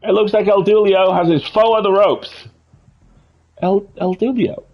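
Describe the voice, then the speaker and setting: A man's voice: high voice, fairly even intonation, unhurried, voice pushed up. An Irish man voicing a boastful masked wrestler with a Spanish flair, hammy and fond of speaking of himself in the third person. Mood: triumphant. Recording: dull lo-fi sound.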